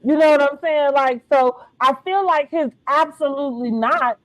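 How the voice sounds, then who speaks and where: High-voiced lively woman podcast host. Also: moderate pace, dry recording, low-quality recording. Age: middle-aged. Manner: animated, slangy, laughs often. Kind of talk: casual reality-TV recap chat.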